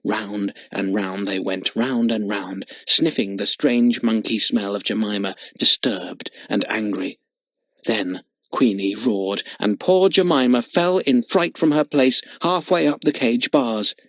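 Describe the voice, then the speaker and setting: A man narrating a children's audiobook with an expressive, dramatic reading. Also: fairly low pitch, measured pace, dry recording. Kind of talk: storybook narration.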